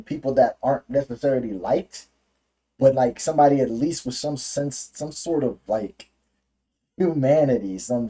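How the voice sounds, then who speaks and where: A man's voice: medium pitch, mellow, husky. A man ranting through political commentary on a livestream, profane and heated, often restarting his sentences.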